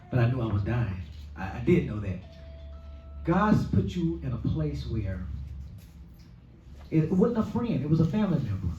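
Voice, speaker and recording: A man's voice: medium pitch, dark tone, slight background noise. Man giving testimony in an echoey hall. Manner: storytelling, preacher-like, rising to exclamations. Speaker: guest speaker. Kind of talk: personal testimony. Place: event hall at a luncheon. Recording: echoey room from far off, dull sound.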